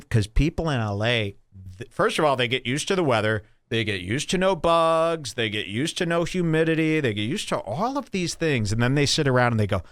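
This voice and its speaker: A man hosting a podcast, delivering a mocking comedic rant with exaggerated swings between loud and low. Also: dry recording, clean studio sound. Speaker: podcast host. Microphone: studio microphone.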